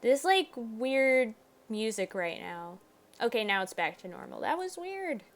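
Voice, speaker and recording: A woman hosting a gaming video, chatting through her playthrough, laughing often and bursting into loud exclamations. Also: fairly high pitch, sing-song, a little slow. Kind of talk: let's play commentary.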